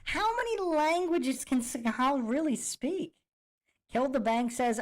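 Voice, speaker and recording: A woman's voice: a little high, big pitch swings, moderate pace. A woman hosting a podcast, reacting to clips with incredulous rhetorical questions. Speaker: podcast host. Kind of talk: reaction commentary.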